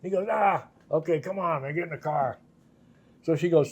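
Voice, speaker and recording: An older man with a slightly high voice tells loose, rambling stories as a guest in a casual interview. He laughs often and slips into the voices of the people he is quoting. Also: moderate pace, breathy edge. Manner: laughing, acts out quoted voices in anecdotes. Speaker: guest guitarist.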